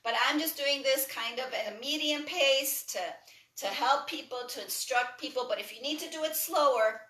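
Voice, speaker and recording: Woman breathwork instructor, bright and slightly high, calm encouraging cues, echoey room, distant mic. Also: normal speed. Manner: calm, encouraging cues, moving while talking. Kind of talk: guided exercise instruction.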